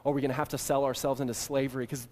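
A man preaching a sermon, retelling an ancient scene in the second person and shifting between hushed and emphatic delivery. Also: medium pitch, flat delivery, racing. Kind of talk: sermon storytelling. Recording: long hall reverb.

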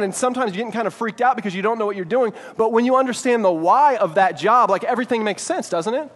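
A man's voice: high voice, expressive, fast talker, hardly any pauses, in a large hall. A man preaching a sermon in a conversational way, often checking in with "right?" as he tells a made-up story. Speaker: pastor.

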